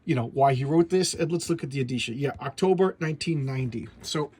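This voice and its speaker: A man's voice: mid-range voice, quick pace, darkish tone, slight background noise. A man casually reviewing a comic book at home, talking in a chatty way with many stumbling restarts.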